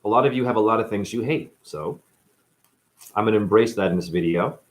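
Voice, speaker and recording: A man's voice: lowish voice, brisk. A man in chronic pain, giving a blunt, profane, rambling unscripted monologue on a live stream.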